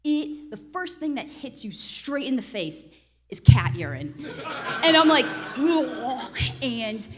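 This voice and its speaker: A woman in her thirties, a real estate investor, telling an animated story with laughter and acted-out quotes. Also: fairly high pitch, unhurried, background noise. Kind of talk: storytelling on a panel.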